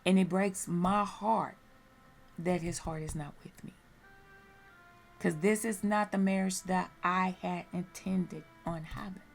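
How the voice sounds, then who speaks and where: A woman gives a personal religious testimony in a low, gravelly voice. She speaks slowly and earnestly, repeating her phrases for emphasis. Faint music plays behind her. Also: steady tone. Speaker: podcast speaker sharing testimony.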